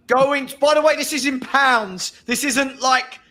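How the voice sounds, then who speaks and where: Guy hosting a charity stream auction, high voice, takes it slow, keeps laughing. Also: sharp tone. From England. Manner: jokey, laughs often, calls bids slowly. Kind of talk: casual livestream chat, auctioneering.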